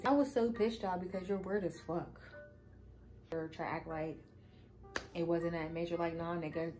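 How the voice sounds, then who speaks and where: A woman's voice: fairly low pitch, poor audio. A woman telling a casual storytime to her viewers, chatty and swearing freely as she talks to them. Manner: chatty, cursing freely, addresses viewers as y'all. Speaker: vlogger.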